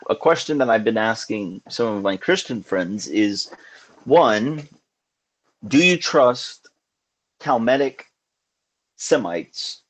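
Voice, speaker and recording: Earnest, musing man hosting a live show. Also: on the low side. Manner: earnest and musing, with many restarts. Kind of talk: casual live call-in chat.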